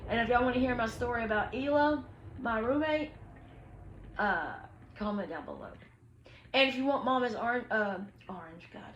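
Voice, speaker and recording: A young woman, telling a story to her viewers in an animated, slangy way, acting out what people said. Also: fairly high pitch, normal speed, long pauses, echoey room, lo-fi sound, slight background noise. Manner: animated, slangy, quotes people in lively voices. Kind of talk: casual storytime chat.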